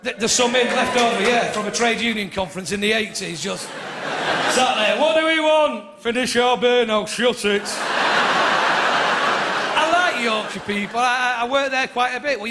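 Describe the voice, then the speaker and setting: Man, northern english accent, stand-up comic, high gravelly voice, roomy live venue, loud crowd laughter. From north of England. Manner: brash, chatty, teasing the crowd. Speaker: stand-up comedian. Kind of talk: stand-up comedy set. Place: comedy club stage. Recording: echoey live venue with audience noise. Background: audience laughter.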